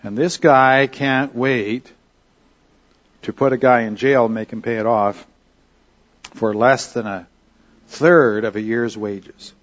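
A man leads a Bible study in a relaxed, conversational way and keeps checking in with "okay?" and "all right?". His voice sits at a middle pitch. The recording is dull and a little lo-fi. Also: takes it slowly, long pauses. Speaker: Bible teacher.

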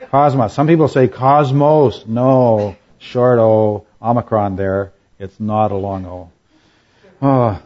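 A man's voice: medium pitch, darkish tone. Man teaching scripture, conversational. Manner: conversational, with frequent checks like "all right?" and "okay?"; reads scripture aloud at a measured pace. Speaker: preacher. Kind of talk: Bible teaching. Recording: slightly dull, lo-fi recording.

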